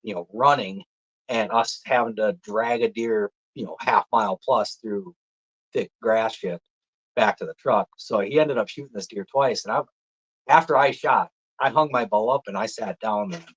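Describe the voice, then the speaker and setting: Animated Minnesota man, lo-fi sound. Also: fairly low pitch, normal speed, husky. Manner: animated, laughing, swears casually. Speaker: podcast guest, deer hunter. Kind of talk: casual storytelling chat. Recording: dull lo-fi audio.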